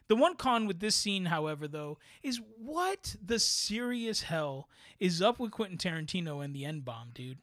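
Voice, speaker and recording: A man with a fairly high voice talks through a film review in loose, animated podcast chat. He rambles, stacks up rhetorical questions and keeps checking in with "right?". The sound is dry and close, with no room around him. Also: normal speed, few pauses, dry recording. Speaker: podcast co-host. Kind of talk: casual movie review chat.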